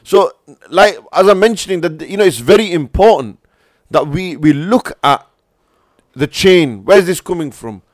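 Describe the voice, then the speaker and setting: Higher-voiced man asking pointed questions. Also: animated. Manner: quizzing, quick interjections. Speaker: guest scholar. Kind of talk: casual religious discussion.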